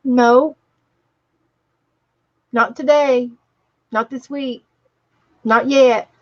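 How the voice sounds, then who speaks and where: A woman with a West Virginia accent hosting a casual livestream chat, telling stories slowly with many restarts. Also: sits high, fairly even intonation, no room sound, dull audio. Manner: slow, rambling storytelling with many restarts. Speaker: livestream host.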